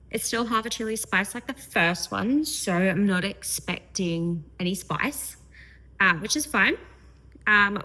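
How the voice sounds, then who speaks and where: Giggly bright-voiced young woman vlogger. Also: mid-range voice, rough recording. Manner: giggly, gushing, reads excerpts aloud. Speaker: book vlogger. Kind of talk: casual reading vlog chat.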